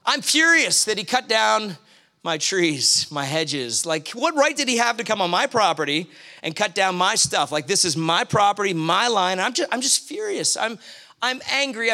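Bright-voiced preacher man, conversational. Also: high-pitched. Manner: conversational storytelling, animated when acting out anger. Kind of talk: sermon.

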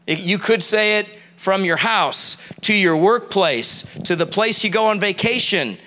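A man preaching a sermon to a live congregation, animated and often quizzing the audience. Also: high-pitched, unhurried. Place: church.

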